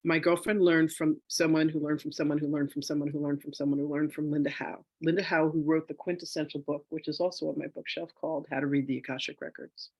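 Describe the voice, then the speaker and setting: A middle-aged woman teaching a live online class as a spiritual teacher, telling her own story with lively acted-out dialogue, speaking into a phone. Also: sits low, fast, hardly any pauses, dry recording. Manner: animated storyteller, acts out quoted dialogue.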